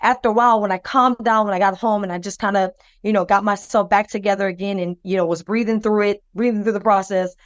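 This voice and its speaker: Expressive woman telling a personal story. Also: mid-range voice, fast, hardly any pauses, no echo. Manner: lively and expressive, acts out other people's voices; loose, rambling delivery with many fillers and restarts. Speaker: podcast co-host. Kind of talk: personal storytelling in a podcast chat.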